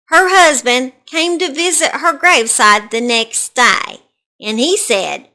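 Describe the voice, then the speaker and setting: A woman's voice: high-pitched, animated, takes it slowly, bright, forceful tone. A woman with a Southern US accent, hosting and telling true-crime stories in a folksy, chatty way. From Southern United States. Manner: folksy and chatty, says y'all. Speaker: host. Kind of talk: casual true-crime storytelling.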